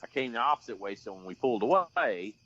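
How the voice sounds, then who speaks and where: A man's voice: mid-range voice, animated, fast talker, sharp tone, muffled recording. A man telling a rambling, folksy story on a podcast, full of restarts. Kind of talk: casual storytelling.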